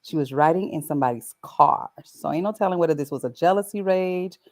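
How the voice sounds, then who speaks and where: A woman's voice: low-pitched, a little fast, a little mellow. A woman co-hosting a casual podcast, reading out news stories and riffing on them with frequent laughs. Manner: laughs often, riffs on the headlines she reads. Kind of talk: casual chat.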